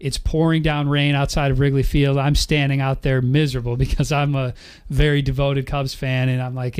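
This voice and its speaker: A man's voice: medium pitch, level tone, normal speed, few pauses, clean tone. A young man, a sportscaster guest on a radio show, telling upbeat stories and laughing at himself. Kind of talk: casual sports radio chat.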